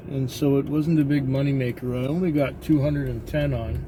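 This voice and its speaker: A man's voice: mid-range voice, fairly even intonation, moderate pace. A man driving a taxi, talking in a tired, grumbling way with hesitant fillers, and he has the hiccups. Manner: weary, complaining, hesitant with fillers. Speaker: taxi driver. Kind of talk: casual vlog monologue. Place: inside a car. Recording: loud car and street noise.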